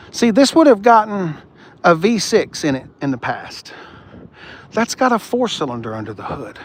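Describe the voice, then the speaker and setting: A man hosting a live car-lot stream outdoors, talking bluntly and joking with viewers, with no microphone and wind hitting the mic. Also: high voice. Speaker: car channel host. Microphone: no external mic, wind on the mic.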